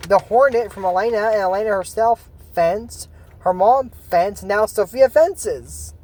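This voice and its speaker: A man's voice: sits high, a little slow, darkish tone. A man casually recapping a cartoon episode, rambling with sarcastic asides and acting out the lines. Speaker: video host.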